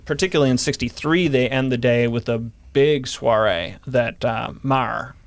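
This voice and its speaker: A man's voice: mid-range voice, normal speed, dry recording. A man talking casually on a podcast, explaining history and reading from old newspaper accounts. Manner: explanatory, reads from old newspapers, some fillers. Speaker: guest historian. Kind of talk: podcast conversation.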